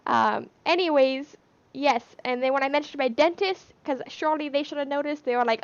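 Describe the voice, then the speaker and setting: A young woman talks in a rambling, chatty way on a livestream, her O sounds bent by a speech impediment. Her voice sits a little high. The audio is dull and lo-fi. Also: moderate pace, no room sound. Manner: rambling, chatty, laughs between points. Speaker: livestream cast member. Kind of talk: casual chat.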